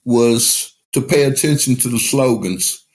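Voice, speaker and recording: A man speaking as a podcast guest, his voice at an ordinary middle pitch. He tells his story in an open, unguarded way and swears freely. The studio sound is close and clear. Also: unhurried. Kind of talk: casual recovery podcast talk.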